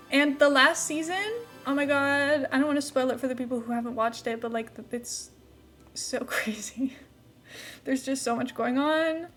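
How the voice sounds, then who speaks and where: A woman's voice: a little high, a bit bright. A young woman streamer chatting casually while playing a game, rambling with lots of "like" fillers and light laughs.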